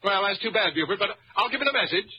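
A man's voice: sits high, animated, fast talker. A man playing a flustered, wisecracking sitcom lead who stammers often, in 1940s radio comedy on a muffled old recording with faint hiss.

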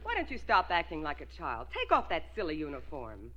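A woman's voice: deep voice, huge pitch swings, brisk, fairly bright tone, muffled recording, heavily acted. An actress playing a dry, exasperated wife and mother in a 1950s radio sitcom. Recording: hissy old radio transcription.

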